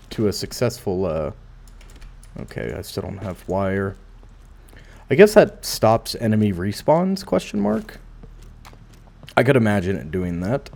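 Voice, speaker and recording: Chatty man with a lively pitch. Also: creaky. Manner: chatty, musing aloud while playing, dry asides. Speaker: gameplay commentator. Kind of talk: casual let's play commentary.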